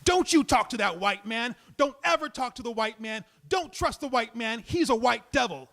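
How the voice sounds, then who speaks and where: A man's voice: very high voice, animated, normal speed, vocal fry, sharp tone, voice pushed up, heavily acted. A man acting out an enraged stranger who screams threats over and over. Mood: raging. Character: raving furious man, ranting threats at strangers.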